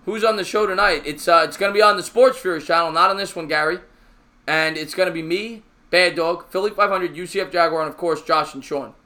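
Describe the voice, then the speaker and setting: A high-voiced man with a forceful, tense edge calls a ballgame pitch by pitch as a fan on a live stream. He chats with viewers between pitches and gets loud and excitable when a play breaks open. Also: fairly quick. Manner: excitable, raising his voice on big plays; chatty, answers viewer comments between pitches.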